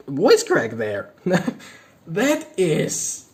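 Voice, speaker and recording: Young adult man, fairly high and very animated voice, casual card-opening commentary with excitable outbursts. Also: slow pace. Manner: reads card text aloud, excitable reactions. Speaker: YouTuber opening card packs.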